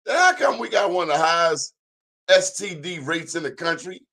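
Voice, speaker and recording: A man's voice: fairly high pitch, animated, moderate pace, vocal fry, bright, forceful tone. Emphatic man hosting a talk show. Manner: emphatic, sermon-like, plainspoken and blunt. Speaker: show host. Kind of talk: preachy talk-show monologue.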